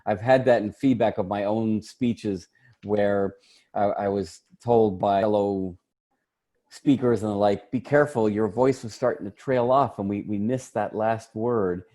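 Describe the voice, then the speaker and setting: A man co-hosting a discussion about public speaking, relaxed and thoughtful with small restarts. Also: on the low side, unhurried. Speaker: co-host. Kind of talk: casual panel discussion.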